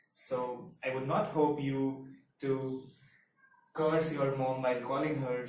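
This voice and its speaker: A man whose first language is Hindi, teaching a Mandarin lesson in a measured, step-by-step way. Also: mid-range voice, darkish tone. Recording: very echoey room, mic far off, faint hiss.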